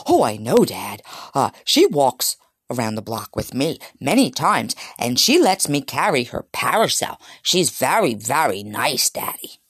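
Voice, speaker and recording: A woman's voice: extremely low pitch, very animated, measured pace, slightly rough, no room sound, clean studio sound, voice pushed down, heavily acted. A woman voicing a naive, lovesick teenage boy who talks innocently and hesitantly to his father.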